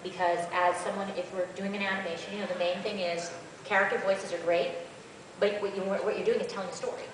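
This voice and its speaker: A woman, a voice actress on a convention panel, answering questions in an animated, chatty and rambling way, recorded by a far camera. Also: mid-range voice, fast, background noise. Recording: echoey hall from far off.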